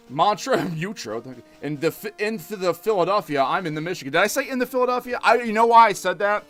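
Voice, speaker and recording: Guy in his 30s rambling thru a game stream, bright voice, lots of ums, music low behind. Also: animated, fairly quick, few pauses. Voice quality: rambling, full of fillers and restarts. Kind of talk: casual let's-play chat.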